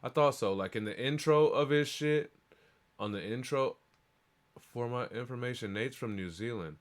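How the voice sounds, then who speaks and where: A man's voice: mid-range voice, normal speed. A man hosting a live stream, chatting in a loose, rambling, profane and hyped way. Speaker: livestream show host. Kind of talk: casual live-stream chat.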